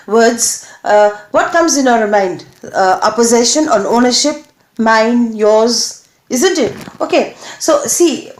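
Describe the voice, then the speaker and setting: A woman teacher with an Indian English accent giving a grammar lesson, halting with many fillers and checking questions to the class. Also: a little high. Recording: echoey room.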